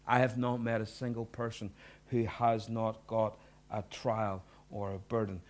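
A man's voice: on the low side, flat delivery, a little slow. Earnest male pastor preaching with swings in volume. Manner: earnest, swings from soft hushed lines to loud emphatic bursts. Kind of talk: sermon.

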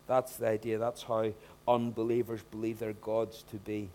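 A man preaching a sermon, talking in an animated way and rising to loud emphatic bursts when he acts out scenes. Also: lowish voice, normal speed, slight background noise. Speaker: pastor.

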